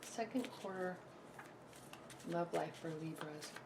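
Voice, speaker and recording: A woman's voice: on the low side, slow, noisy background. A woman giving a casual tarot forecast to camera. She talks in a loose, reassuring way, restarts often and keeps checking in with "okay?" and "right?". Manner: loose and chatty, with frequent restarts. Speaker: tarot reader.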